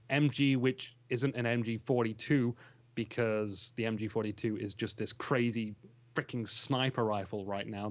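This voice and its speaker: A man's voice: medium pitch, no room sound, lo-fi sound. A man chatting casually as an interview guest about strategy games, rambling and enthusiastic, laughing often. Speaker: interview guest, game shoutcaster.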